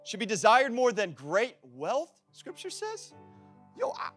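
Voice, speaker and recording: A man preaching a sermon in a casual, conversational way, breaking into loud, emphatic bursts. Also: extremely high pitch, huge pitch swings, unhurried, faint music behind.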